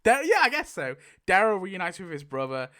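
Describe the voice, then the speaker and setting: Excitable man host, casual chat, laughs a lot, swears, bright clear voice. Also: high-pitched, fairly quick. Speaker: YouTube host.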